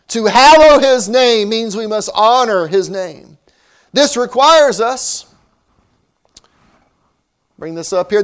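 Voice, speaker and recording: A man preaching a sermon as pastor, with emphatic rising and falling delivery. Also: high-pitched.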